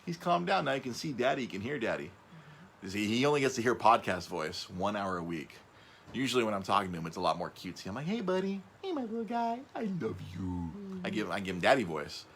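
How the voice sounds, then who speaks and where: A man hosting a casual podcast, rambling, stumbling over and repeating his words, his voice jumping up when he gets excited. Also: fairly low pitch, fast, creaky, slight background noise. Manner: excitable, voice jumps up on emphasis. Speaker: podcast host.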